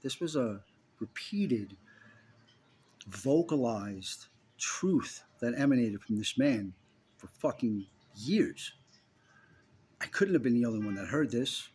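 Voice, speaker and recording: A man's voice: mid-range voice, expressive, slow, pauses often, darkish tone, slight background noise. A man telling a personal story straight to the listener in an intense, emphatic way, often repeating himself.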